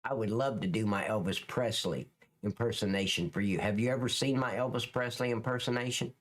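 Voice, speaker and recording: A middle-aged man with a low, brisk voice hosts a live stream. He chats casually with viewers, rambling along in a joking, crude way.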